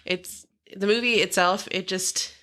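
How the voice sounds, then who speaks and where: A woman's voice: medium pitch, fairly even intonation, unhurried, bright, forceful tone. A woman around thirty co-hosting a podcast, chatting casually about books, rambling with fillers and frequent laughs. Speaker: podcast co-host.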